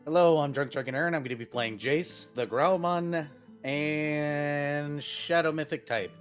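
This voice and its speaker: A man's voice: a little high, a little slow, soft background music. Joking man introducing his character. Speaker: player. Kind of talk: casual tabletop chat.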